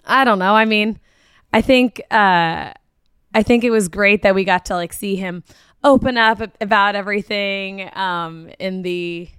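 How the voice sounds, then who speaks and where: A woman with a smooth, clear voice at mid pitch chats casually as a podcast co-host. She is thoughtful and uses many fillers. The sound is dry and close. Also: unhurried, fairly bright tone, no echo. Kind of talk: casual recap chat.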